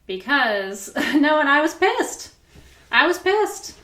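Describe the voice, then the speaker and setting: Candid, animated middle-aged woman coach. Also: medium pitch, roomy sound. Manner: candid, animated storytelling with laughs and swearing. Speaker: spiritual coach. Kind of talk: casual coaching session.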